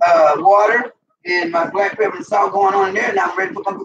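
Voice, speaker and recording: A man's voice: high voice, steady tone, fairly quick, gravelly, fairly bright tone. A middle-aged man with a Southern US accent, chatting casually and cursing as he demonstrates cooking in his home kitchen, talking straight to viewers. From American South. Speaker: cooking vlogger. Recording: roomy distant dull mic, faint noise.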